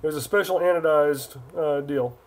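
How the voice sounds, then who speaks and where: A man's voice: on the high side, normal speed. A man from Northern California hosting a casual livestream, rambling and reading viewer chat aloud as he answers. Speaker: livestream host.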